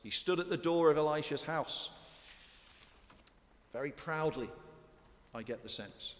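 A man's voice: a little high, measured pace. Emphatic male preacher in an echoing hall. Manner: emphatic, with many rhetorical questions to the congregation. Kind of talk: sermon.

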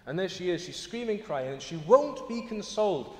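A man preaching in an echoey church, his voice ringing out with a long reverb tail. He sits a little high for a man and speaks earnestly, pressing his points with strong emphasis. At moments he builds up to bright exclamations. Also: animated, normal speed, few pauses. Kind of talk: sermon.

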